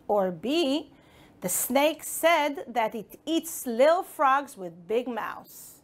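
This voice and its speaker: A woman with an Israeli accent teaches an English lesson to children in a broadcast school lesson, her voice on the high side, expressive, and slow. She's encouraging, addressing pupils directly with questions.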